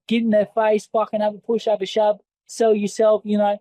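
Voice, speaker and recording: A man's voice: high-pitched, completely flat delivery, moderate pace, dark tone, dry recording, poor audio. Aussie bloke swearing his way thru a story, blunt and rambly, dead dry sound. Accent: Australian. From Australia. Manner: blunt, heavily profane, rambling. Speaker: interview guest, former fighter. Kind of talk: casual interview storytelling.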